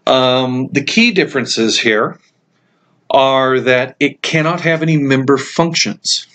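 A man's voice: mid-range voice, takes it slowly. Guy walking students thru code on screen, lots of ums, got hiccups, some typing behind. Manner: relaxed, explanatory, frequent ums and uhs. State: has the hiccups. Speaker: computer science instructor. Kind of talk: screencast code walkthrough lecture.

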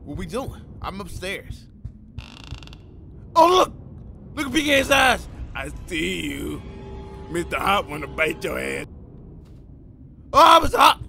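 A man giving loud, excitable commentary while playing a horror game, full of slang and yelling at jump scares. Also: high voice, slow pace, gravelly, long pauses, faint music behind. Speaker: gamer.

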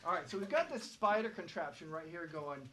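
Animated man teaching a vocal class. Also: on the high side, a little fast, slight background noise. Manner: animated, belts out sung examples. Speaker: vocal production instructor. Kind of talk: masterclass lecture to students.

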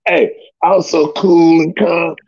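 A man telling a story in casual talk, animated, swearing, often laughing and acting out what people said. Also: a little high, a little slow, slightly rough. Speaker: storyteller guest. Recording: dull lo-fi recording.

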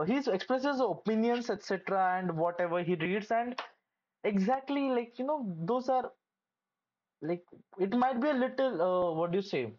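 A young adult medical student giving casual, hesitant advice with many pauses and restarts. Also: mid-range voice, a little mellow, dull audio.

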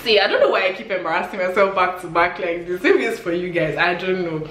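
Animated Nigerian woman telling stories. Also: on the low side, quick pace. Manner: animated, laughing, exclamatory storytelling. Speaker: vlogger. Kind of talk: storytime vlog. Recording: echoey room with faint hiss.

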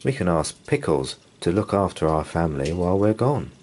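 A man reading a storybook aloud and voicing a kind child who calmly reassures a worried friend. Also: sits low, brisk, a little hiss or hum. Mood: reassuring. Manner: soothing, cheerful reassurance.

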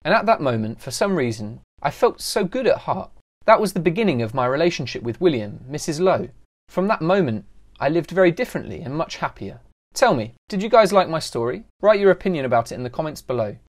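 A man telling a first-person animated story in scripted narration. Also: on the high side, fairly quick.

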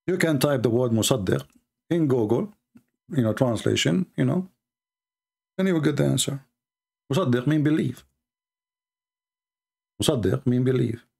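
A man's voice: mid-range voice, animated, moderate pace, gravelly, pauses often, darkish tone, husky. A man giving mocking, polemical commentary as a religious debater, sarcastic and taunting.

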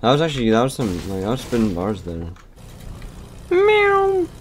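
A young man giving joking gameplay commentary as a YouTuber, excitable and prone to bursts of yelling. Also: fairly low pitch, quick pace, slight background noise. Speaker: gaming YouTuber.

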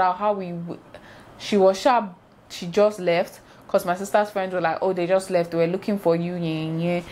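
A young woman, telling a casual storytime vlog in an animated way and acting out sounds. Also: medium pitch, a little hiss or hum. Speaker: vlogger.

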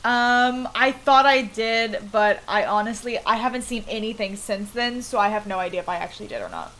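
Jumpy high-voiced woman gaming. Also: expressive, moderate pace, a bit bright. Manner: jumpy, squeals when scared. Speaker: streamer. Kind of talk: casual gaming chat. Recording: noisy stream audio.

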